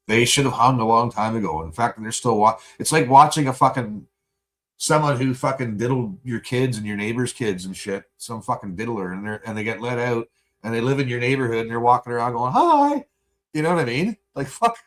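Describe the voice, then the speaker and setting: A man venting in a profane, angry livestream rant, buzzed and high. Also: lively intonation, a little fast, a bit bright.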